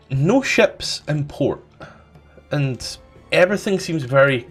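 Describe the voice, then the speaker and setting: A man running a tabletop game as game master, chatting casually and laughing while sorting out the players' items. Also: medium pitch. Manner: relaxed, laughs often, talks while doing admin.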